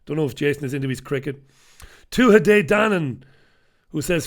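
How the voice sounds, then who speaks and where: A man's voice: on the high side, lively intonation, moderate pace. A middle-aged man hosting a casual live stream from a home studio, chatty and self-mocking. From Ireland. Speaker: host.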